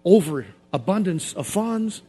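A man preaching a sermon in a repetitive, emphatic cadence, swinging from quiet confession to shouted outbursts. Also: high voice, very animated, a little slow, slightly rough.

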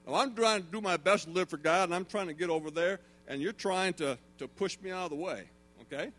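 High-voiced man preaching a sermon. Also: quick pace. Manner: animated storytelling, rising to emphatic preaching. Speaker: pastor.

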